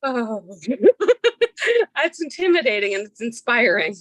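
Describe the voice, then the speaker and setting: Low, bright-toned woman on a video call. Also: normal speed, dry recording. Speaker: small business owner. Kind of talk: webinar discussion.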